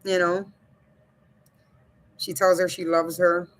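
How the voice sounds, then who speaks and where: A woman's voice: on the low side, level tone, takes it slowly. A woman hosting a casual livestream, reading viewer comments aloud and talking straight to her chat in a blunt, loose way, swearing and laughing as she goes. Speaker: livestream host.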